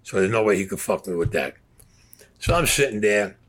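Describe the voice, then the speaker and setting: A man's voice: lowish voice, expressive, a little fast, fairly bright tone. An older man, telling a story in a blunt, profane, streetwise way. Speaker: interviewee.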